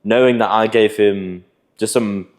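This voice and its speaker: A man's voice: fairly low pitch, steady tone, a little slow, a little mellow. A man, a guest on a casual podcast, talking in a laid-back, slangy way with some stumbling restarts. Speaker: guest, videographer. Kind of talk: casual chat.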